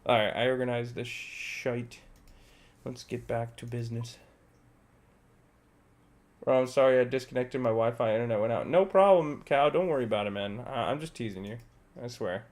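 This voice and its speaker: A man's voice: mid-range voice, normal speed, long pauses. A young man streaming a game and chatting casually, laid-back and heavy on filler words like "bro". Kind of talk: casual chat while gaming.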